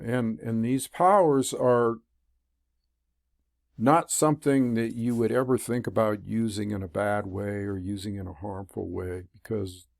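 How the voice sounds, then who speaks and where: A man's voice: lowish voice, vocal fry, dry recording, studio quality. A man talking to the camera as a spiritual teacher, in a loose, rambling monologue full of fillers and restarts. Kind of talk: casual monologue. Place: room.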